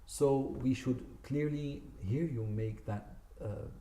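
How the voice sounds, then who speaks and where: Slow and warm, a man's mid-range voice guides a Quran recitation lesson in a community centre room with echo. He patiently corrects common mistakes and lengthens each word he demonstrates.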